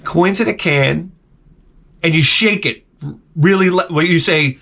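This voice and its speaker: A man's voice: a little high, unhurried, fairly bright tone. A man telling a rambling, profane story in a casual comedic rant to his vlog audience. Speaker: vlogger.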